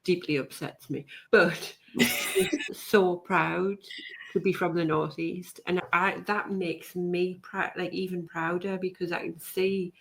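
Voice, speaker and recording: A woman's voice: on the low side, steady tone, slow pace, creaky. A woman from hosting a podcast, chatting casually with a rambling, agreeable manner. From North East England. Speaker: podcast host.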